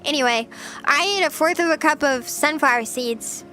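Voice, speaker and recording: A woman's voice: high voice, normal speed, pushed and bright, faint music behind. A young woman streaming casual chat, playful and chatty, often giggling as she reads her chat. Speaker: VTuber streamer.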